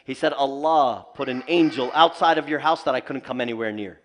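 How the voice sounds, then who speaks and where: A man teaching at a community center, telling stories with humor and lively asides. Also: medium pitch, a little fast, slight background noise. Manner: animated storytelling with humor. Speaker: Islamic teacher. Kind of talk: community lecture. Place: mosque community hall.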